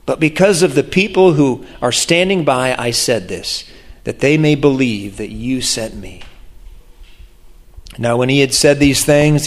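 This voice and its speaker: A man's voice: a little high, lively intonation, a little slow. A man preaching a sermon, reading scripture aloud and breaking off for awed, reverent asides.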